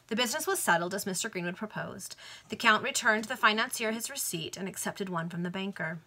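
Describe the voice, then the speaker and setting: A woman's voice: medium pitch, expressive, brisk, sharp tone, slightly rough. A woman reading a novel aloud among friends over a video call, with chatty asides. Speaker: reader.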